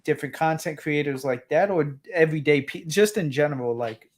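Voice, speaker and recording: A man's voice: fairly high pitch, a little fast. Tired New York man hosting a livestream; rambling, filler-heavy casual chat. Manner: rambling, many fillers and restarts. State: tired, late at night. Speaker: livestream host.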